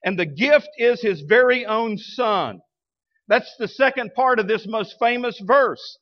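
A man's voice: sits high, animated, measured pace, muffled recording. A male pastor preaching a sermon in a conversational way, asking his congregation rhetorical questions. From United States. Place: church.

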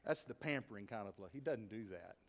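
A man preaching a sermon as pastor in a church, telling a story with animated delivery and sudden shouted emphases. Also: fairly low pitch, fairly quick. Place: church sanctuary.

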